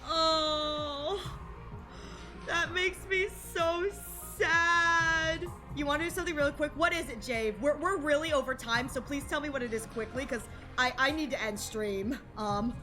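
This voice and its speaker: A woman's voice: high-pitched, fairly quick, fairly bright tone, faint music behind. A woman streamer chatting casually on a live game stream, gushing and emotional and often repeating herself.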